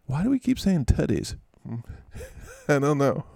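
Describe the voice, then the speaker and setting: Gravelly man in a rambling, jokey chat. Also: on the high side, sing-song, slow pace, long pauses, a little mellow, no room sound, studio quality. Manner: rambling, jokey, self-mocking. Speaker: podcast host. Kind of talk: casual chat.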